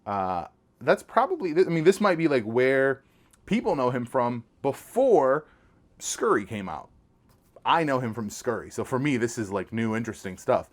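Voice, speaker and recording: A man's voice: medium pitch, sing-song, normal speed. A man hosting a casual podcast, showing off items with eager, rambling enthusiasm and lots of restarts. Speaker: podcast host. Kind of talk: casual podcast show-and-tell.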